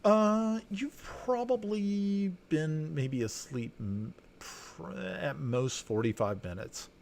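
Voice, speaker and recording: Dungeon master, man, gravelly, lots of um and uh, faint hiss. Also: a little high, expressive, darkish tone. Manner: halting, many fillers and restarts. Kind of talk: narrating a tabletop game.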